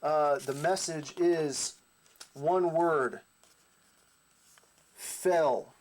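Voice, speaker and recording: A man's voice: a little high, drawn-out words, rough recording. A man voicing a hapless pottery-headed henchman villain who talks sheepishly and hesitantly.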